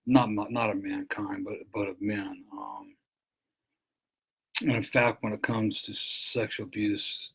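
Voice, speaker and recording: A man's voice: lowish voice, vocal fry, breathy edge, low-quality recording. A man speaking as an author and recovery speaker in an earnest, reflective talk, often repeating and restarting his words.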